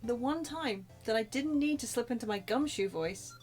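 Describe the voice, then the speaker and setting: A woman streaming a game in casual chat. Her voice is very high and quick. She mocks herself in rapid asides between lines. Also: animated, darkish tone, faint music behind. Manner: self-mocking, quick asides.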